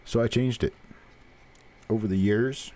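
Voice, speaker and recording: A man in his fifties from the Southern United States hosts a live coin stream, speaking with a mild Southern accent. His lowish, mellow voice holds a steady tone at a measured pace. He rambles bluntly, with self-mocking asides in the casual chat.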